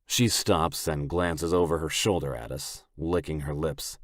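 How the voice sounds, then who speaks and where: Deep, slow male audiobook narrator. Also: fairly even intonation, no room sound, studio quality. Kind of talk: first-person romance audiobook narration.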